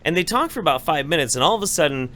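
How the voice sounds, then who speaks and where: A man casually telling a long anecdote on a podcast, profane and animated, acting out voices as he goes. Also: a little high, racing. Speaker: podcast co-host. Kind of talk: casual storytelling chat.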